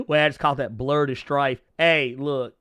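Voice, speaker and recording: A man co-hosting a casual live comic-book podcast, joking in AAVE and laughing often while reading viewer messages. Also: medium pitch. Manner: laughs often, animated, slangy. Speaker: podcast co-host reading super chats. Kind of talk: casual comedic banter.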